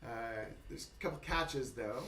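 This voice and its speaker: A man's voice: medium pitch, a little slow, fairly bright tone. Male game master, loose and rambling, set back from the mic in a roomy space. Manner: rambling, many fillers, laughs often. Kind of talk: narrating a tabletop game. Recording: echoey room, mic far off, faint noise.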